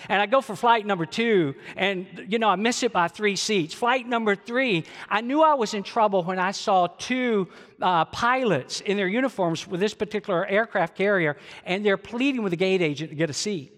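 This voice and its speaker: A man's voice: high voice, moderate pace, a bit bright, long reverb tail. An older man, a grandfather, preaching a sermon as a pastor, telling stories and asking the congregation rhetorical questions. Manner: storytelling with quoted dialogue and rhetorical questions.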